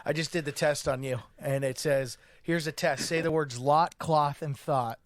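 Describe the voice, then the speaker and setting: A man's voice: a little high, fairly even intonation, normal speed, no room sound. A man co-hosting a podcast in goofy, playful casual chat, swearing freely. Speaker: podcast co-host.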